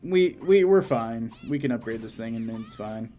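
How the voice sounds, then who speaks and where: A man's voice: medium pitch, lively intonation, normal speed, dark tone, faint music behind. A young man casually chatting while playing a video game as a co-host, laughing often and trailing off mid-thought. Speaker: let's play co-host. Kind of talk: casual gameplay commentary.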